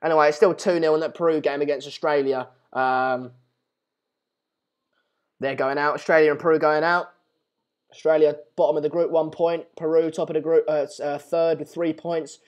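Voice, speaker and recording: A man's voice: on the high side, steady tone, moderate pace, lo-fi sound. A man hosting a live football chat stream, ranting in an exasperated way and repeating himself. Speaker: live match chat host.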